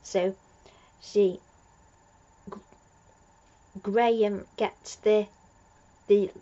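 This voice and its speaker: A woman's voice: medium pitch, a little mellow, dull audio. A woman recapping an episode as a fan reviewer, gushing and rambling with lots of fillers and restarts.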